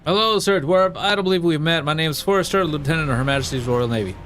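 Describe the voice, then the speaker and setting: A man's voice: on the high side, fast, a bit bright, faint music behind, close to an everyday voice. Courteous naval lieutenant read by a man, formal game dialogue.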